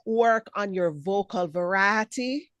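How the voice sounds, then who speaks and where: A woman giving spoken feedback as a speech evaluator on a video call, encouraging and lively, acting out examples as she talks. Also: medium pitch, takes it slowly, no echo. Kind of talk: spoken feedback at an online meeting.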